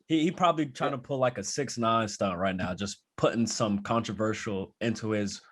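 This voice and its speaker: A man with a fairly low voice chiming in on a casual podcast. His remarks are brief and blunt. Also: normal speed, fairly bright tone. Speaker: podcast co-host.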